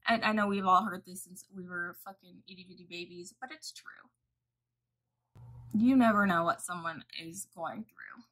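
A woman's voice: fairly low pitch, normal speed, a bit bright, poor audio. A woman vlogger talking through a makeup tutorial at home, chatty and profane as she tells a story. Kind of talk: casual makeup tutorial chat.

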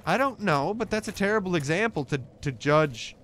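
A man's voice: high voice, expressive, moderate pace, a bit bright, a little hiss or hum. A man co-hosting a let's play, arguing in a pedantic, sarcastic way during casual gaming commentary.

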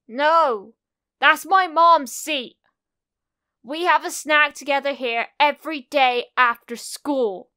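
A woman doing a shouting, stubborn young boy. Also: high voice, slow pace, voice pushed up, full character voice. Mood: angry. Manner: shouting and snarling. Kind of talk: audiobook fan fiction reading.

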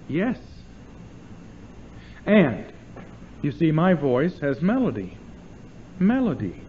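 A man's voice: a little high, a little hiss or hum. Demonstrative male lecturer, muffled recording. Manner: lively, demonstrative, asks the audience questions. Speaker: lecturer on theology. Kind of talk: informal lecture to an audience.

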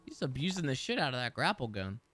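A man's voice: medium pitch, big pitch swings, fast talker, fairly bright tone, a little hiss or hum. A young man doing gameplay commentary, swearing and laughing often in disbelief. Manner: profane, laughs often, incredulous. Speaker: gaming streamer.

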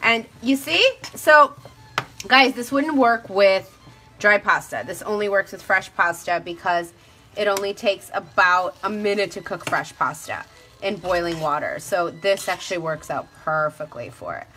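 A woman's voice: mid-range voice, a little slow, bright, forceful tone, faint music behind. A young adult woman hosting a live cooking demonstration, chatty and upbeat, talking straight to her viewers. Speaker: cooking show host.

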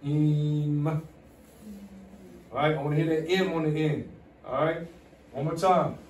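A man's voice: on the high side, steady tone, a little slow, darkish tone. A male teacher leading a classroom pronunciation drill, repeating rules and coaxing students to repeat after him. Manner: repetitive, coaxing call-and-response teaching. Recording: echoey classroom from far off, faint hum.

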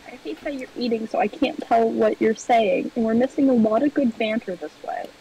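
Playful deadpan woman streamer. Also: fairly high pitch, fairly quick, husky, far from the mic, low-quality recording. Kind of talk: casual gameplay chat.

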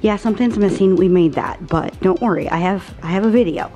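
A woman's voice: mid-range voice, brisk, mellow, faint music behind. A woman in her forties chatting through a grocery haul in an upbeat, rambling way. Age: 40s. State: out of breath. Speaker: vlogger.

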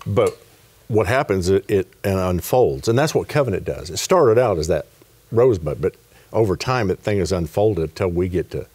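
A man from West Texas explains scripture in an earnest, conversational way and keeps affirming his partner. His voice sits very low and carries a husky edge. His pitch moves freely as he stresses his points. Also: lively intonation, moderate pace, no echo. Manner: earnest, affirming, drops to soft murmurs of agreement. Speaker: guest minister. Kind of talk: conversational Bible teaching.

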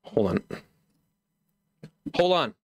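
A man's voice: medium pitch, sing-song, very slow, creaky, slightly rough, no echo. A young man streaming live from home, ranting in mock outrage with lots of exasperation.

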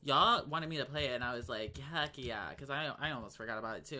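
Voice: medium pitch, fast talker, hardly any pauses, bright, forceful tone. A young adult gaming vlogger chatting casually while playing, full of slang, gasps and dramatic exclamations. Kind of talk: casual gaming commentary and chat.

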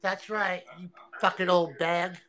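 A woman livestreaming an angry, profane rant, taunting and repeating herself with loud outbursts. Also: on the low side, fairly even intonation, unhurried, low-quality recording.

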